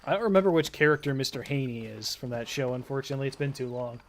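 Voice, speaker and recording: A man's voice: medium pitch, fast. A man chatting casually and swearing freely while streaming a video game. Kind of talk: casual gameplay commentary.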